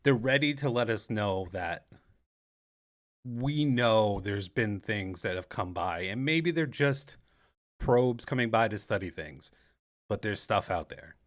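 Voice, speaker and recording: A man's voice: on the low side, lively intonation, slow. Chatty, rambling American man. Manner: chatty, rambling, jokey asides. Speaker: podcast co-host. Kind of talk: casual conspiracy chat.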